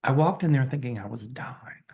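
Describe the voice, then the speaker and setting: A man's voice: mid-range voice, moderate pace, gravelly, a little mellow, breathy edge. A man hosting his own channel, earnestly and candidly retelling a personal story with open emotion. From Chicago area, US. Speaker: channel host, psychic.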